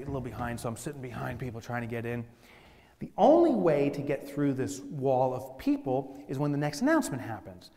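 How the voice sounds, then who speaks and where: A man telling funny stories as a business speaker in a keynote talk, animated and playful. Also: mid-range voice. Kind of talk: humorous keynote storytelling. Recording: long hall reverb.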